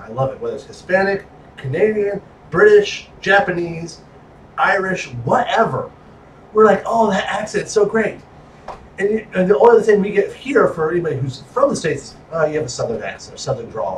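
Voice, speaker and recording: Lively guy hosting a wrestling podcast, kinda high voice, far from the mic in an echoey room, faint hiss. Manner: animated, joking, pitch jumping around. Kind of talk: casual chat.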